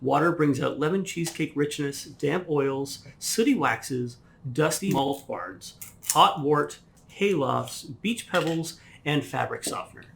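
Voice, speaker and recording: A man co-hosting a whisky tasting, briskly reading out tasting notes. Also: fairly high pitch, lively intonation, creaky, a little hiss or hum.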